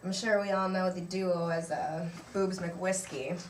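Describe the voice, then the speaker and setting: A woman plays a hockey guest in a spoof interview, giggly and laid-back. She talks slowly and easily. Her voice sounds roomy and far from the mic, with a faint hiss behind it. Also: on the low side, fairly even intonation. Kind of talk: mock interview comedy.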